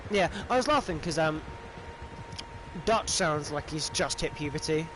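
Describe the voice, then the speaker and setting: A man's voice: fairly high pitch, animated, a little slow, noisy background. A young man giving casual, joking, sarcastic gameplay commentary, swearing freely. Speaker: let's play gamer. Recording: voice over game audio and horses.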